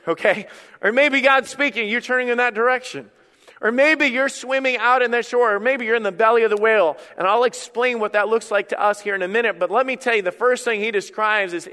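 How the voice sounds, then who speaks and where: A high, bright male voice preaching an animated sermon. He acts out desperate inner voices and turns slow and low when he reads scripture. A long church-hall reverb trails his words. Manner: slows and drops his voice to read scripture. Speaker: pastor.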